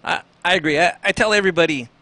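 Bright fast-talking man telling stories. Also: a little high, dry recording. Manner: rapid, storytelling, stammers and repeats words. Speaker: radio DJ guest. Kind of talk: casual chat as a call-in guest.

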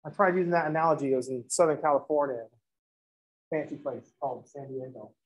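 A male math teacher lectures in a loose, conversational way. His voice is slightly husky and sits at an ordinary pitch. He breaks off from the equations to tell jokes and act out little dialogues. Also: a little fast, dull audio. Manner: chatty, joking, acts out imagined dialogues. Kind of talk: classroom lecture with joking asides.

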